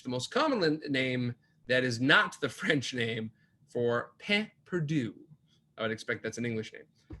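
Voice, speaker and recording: A man's voice: mid-range voice, animated, a little slow, sharp tone. A man hosting an online pub trivia night. He reads and repeats each question and adds playful, jokey asides. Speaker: trivia host.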